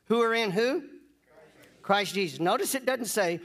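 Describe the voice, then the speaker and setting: A man preaching a sermon, leading call-and-response and drawing out key phrases slowly. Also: high voice, animated, fairly bright tone. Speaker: pastor.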